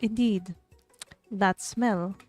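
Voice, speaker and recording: A woman voicing a courteous old gentleman cook in a dating game, speaking formally and politely. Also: mid-range voice, fairly even intonation, very slow, soft background music. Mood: courtly.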